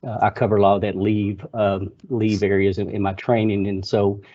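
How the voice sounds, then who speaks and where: An older man with a Kentucky drawl talks slowly through a meeting update, pausing on fillers. His voice is low and mellow. The sound is dull and lo-fi, like a webinar call. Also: level tone. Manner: halting, many fillers. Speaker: HR board member. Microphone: video call.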